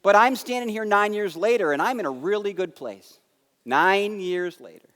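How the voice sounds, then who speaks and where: An American man giving a conference keynote, telling a story with lively acted-out dialogue that swings between loud and soft. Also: high-pitched, normal speed. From United States. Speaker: keynote speaker. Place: large conference hall. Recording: long hall reverb.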